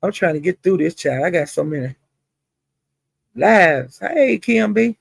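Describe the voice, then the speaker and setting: Gravelly, husky woman gossiping on a stream. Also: lowish voice, lively intonation, a little slow, no room sound. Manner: chatty, greets viewers by name, sprinkles "honey" and "child". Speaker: live stream host. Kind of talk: casual gossip commentary. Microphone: streaming setup.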